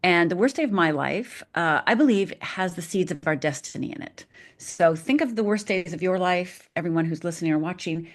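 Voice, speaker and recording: A woman's voice: on the low side, expressive, brisk. A middle-aged woman from Upper Michigan, a podcast guest telling a personal story dramatically and acting out the voices in it.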